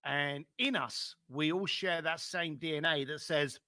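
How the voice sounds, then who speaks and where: High, bright-voiced London man telling stories. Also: a little slow, dry recording, studio quality. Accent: London English. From London, England. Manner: animated storyteller who acts out other people's lines. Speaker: guest. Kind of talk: storytelling in a podcast interview.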